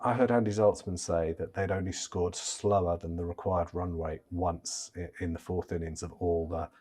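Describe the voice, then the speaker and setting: Animated, stammering male cricket pundit. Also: low-pitched, normal speed. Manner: stammering restarts, animated and chatty. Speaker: chief cricket correspondent. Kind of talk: casual podcast discussion.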